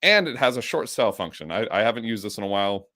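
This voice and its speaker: A man with the hiccups, teaching a live coding lesson with an enthusiastic, energetic way of explaining. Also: lowish voice, fast talker. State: has the hiccups. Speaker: instructor.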